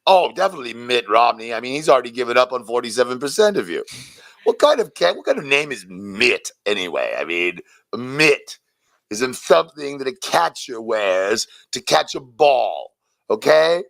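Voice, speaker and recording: A man playing a crude, ranting male alien monster rock singer in an interview clip, with a gravelly voice. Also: medium pitch, sing-song, moderate pace, no room sound. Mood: mocking. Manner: brash, vulgar, erupts into shouting rants.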